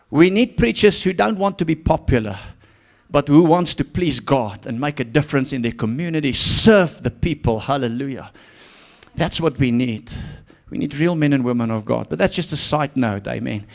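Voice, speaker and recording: A man preaching a sermon to a congregation in church, fervent, swinging from hushed to shouted and repeating his phrases. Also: medium pitch, gravelly. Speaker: pastor.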